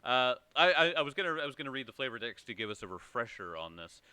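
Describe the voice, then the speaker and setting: Bright-voiced male game master. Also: medium pitch, big pitch swings, clean tone, no room sound. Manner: halting, with many fillers and repeats. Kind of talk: narrating a tabletop game.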